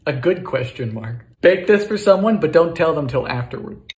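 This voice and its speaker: A man cooking in his home kitchen, trading dry sarcastic quips with sudden shouted outbursts. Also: a little high, animated, moderate pace, echoey room. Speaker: comedy cooking host. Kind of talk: quick comic cooking commentary.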